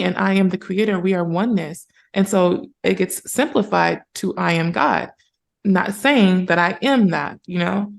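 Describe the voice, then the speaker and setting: A woman speaking as a spiritual mentor and podcast guest, in casual conversation, earnest and animated as she retells moments. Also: mid-range voice, creaky.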